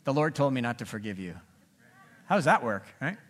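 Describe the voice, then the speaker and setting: A man preaches as pastor in a brisk, sing-song delivery at medium pitch, moving between loud emphasis and quiet asides.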